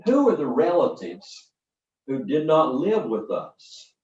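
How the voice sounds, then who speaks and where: Older man, storytelling teacher, folksy, dramatic pauses, distant mic, echoey room. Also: a little high, wildly swooping pitch, darkish tone. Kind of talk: storytelling lesson to a live audience. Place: workshop hall. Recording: roomy, distant, dull sound from the back of a hall.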